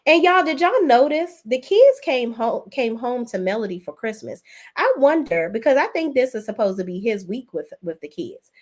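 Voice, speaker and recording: A woman's fairly high voice swings widely in pitch as she reads live chat comments aloud at a moderate pace on her casual YouTube stream, reacting with gossipy chatter.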